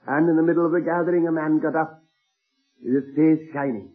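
Husky male preacher on a tinny tape. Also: on the high side, steady tone, soft background music. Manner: earnest anecdotal retelling with slowed emphasis. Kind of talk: sermon storytelling. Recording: tinny phone-like old sermon tape.

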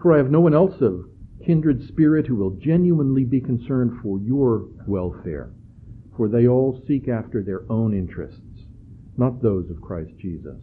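A man's voice: medium pitch, animated, slight background noise. Earnest preacher man, tinny recording. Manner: earnest, rising emphasis on key phrases; halting, frequent uh and restarts. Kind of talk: sermon. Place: church sanctuary. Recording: tinny phone-like church recording.

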